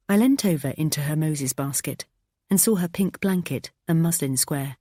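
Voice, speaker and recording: A woman reading a first-person thriller audiobook, tense and expressive. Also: sits low, moderate pace, no room sound, studio quality. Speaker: audiobook narrator.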